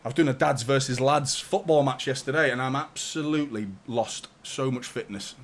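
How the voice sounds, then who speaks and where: Speaking at normal speed in a mid-range voice, a young fan channel host provides live commentary during a football watchalong. His talk is chatty and full of swearing, and he reads viewer super chats aloud.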